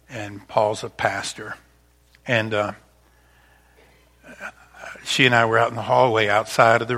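A male pastor with a bright, forward voice delivers a sermon in an easygoing, conversational way. He restarts phrases often, swelling loud on key points and falling to a near hush on tender moments. His pitch sits in an ordinary middle range.

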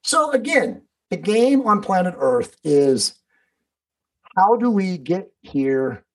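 A man's voice: high-pitched, very animated, takes it slowly, rough recording. A man speaking as a podcast guest in casual conversation, emphatic and preachy, swearing freely.

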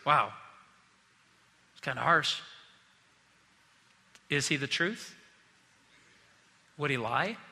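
A man preaching a sermon as pastor, telling stories in a lively, joking way. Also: medium pitch, extremely slow, creaky, long pauses, in a large hall.

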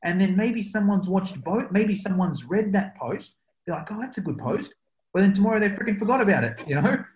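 A man's voice: sits high, lively intonation, brisk, a little mellow, muffled recording. A man hosting a podcast interview, talking in a loose, chatty way and filling his sentences with "you know.". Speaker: podcast host. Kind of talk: casual interview chat. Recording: roomy echo.

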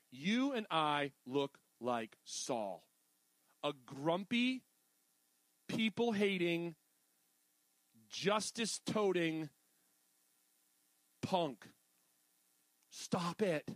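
A middle-aged man preaching a sermon in a casual, animated way, full of jokey asides. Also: a little high, extremely slow, pauses often, no echo. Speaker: pastor.

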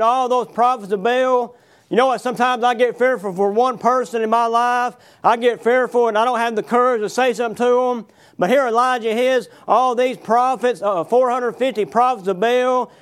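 A man's voice: very high-pitched, smooth. A man preaching a sermon, reading verses aloud and then explaining them with rhetorical questions to his congregation. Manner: reads verses aloud, then paraphrases with fillers. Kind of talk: sermon reading and expounding scripture. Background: congregation answering amen.

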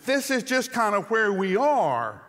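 A man's voice: high-pitched, big pitch swings, measured pace, a bit bright, pitched above the performer's own voice, heavily acted. A man preaching, voicing a grumbling crowd of enslaved workers who whine and complain. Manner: whining, complaining. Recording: long hall reverb.

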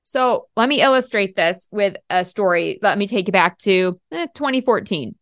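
A middle-aged woman hosting a coaching podcast, upbeat and emphatic, slowing down to stress key points. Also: medium pitch, animated, no room sound, studio quality. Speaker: podcast host and life coach. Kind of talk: podcast monologue.

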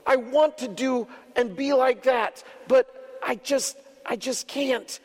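A man voicing a frightened little male goat who pleads and stumbles over his words, in a high, quavering voice. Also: slow, big-room sound, full character voice. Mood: pleading.

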